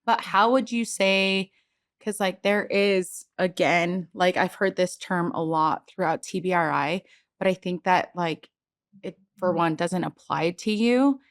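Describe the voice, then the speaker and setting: A woman's voice: on the low side, unhurried, no echo, studio quality. A woman podcast host in a casual interview, asking long rambling questions and affirming her guest.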